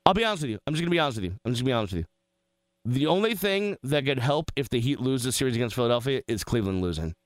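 A man's voice: medium pitch, very animated, very fast, no room sound. A man hosting a sports talk radio show, talking in an emphatic, conversational way. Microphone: studio microphone.

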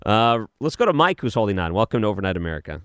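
A man's voice: fairly low pitch, big pitch swings, rapid-fire, fairly bright tone, clear, resonant tone, dry recording, studio quality. A man hosting a late-night call-in radio show, easygoing and agreeable, often chuckling. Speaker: radio talk show host. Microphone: studio microphone.

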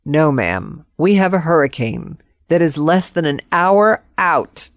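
A low, flat and businesslike woman caller, as a storyteller puts her on. She delivers her message plainly and without fuss, in a dry, close sound. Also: takes it slowly, no room sound. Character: calm woman on the phone for a property office.

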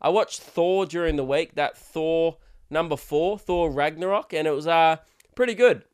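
A man's voice: a little high, moderate pace, clear, resonant tone. A young man hosting a solo podcast, rambling crudely and laughing often. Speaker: podcast host. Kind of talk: casual solo podcast rant.

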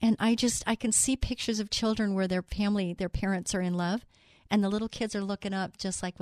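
A woman hosts a faith talk show in an earnest, personal monologue. She quotes scripture and slows right down to press key words home. Her voice sits in a middle register and sounds close and dry, with no room around it. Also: mid-range voice, fairly even intonation, darkish tone, no echo. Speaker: show host.

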